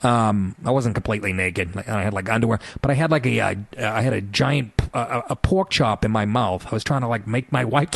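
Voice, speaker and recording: A man's voice: fairly low pitch, a little fast, creaky, hardly any pauses. A middle-aged man telling rambling, profane anecdotes on talk radio, often laughing as he talks. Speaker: radio show talker. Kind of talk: casual storytelling on talk radio.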